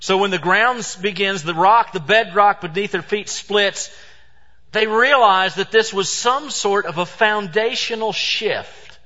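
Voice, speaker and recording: A man preaches a sermon in a church, his fairly high, bright and forceful voice pressing hard on key words before falling into quiet asides. Long reverb rings around him. The recording sounds dull and muffled. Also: measured pace. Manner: emphatic preaching, swings between loud stresses and hushed asides. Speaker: pastor.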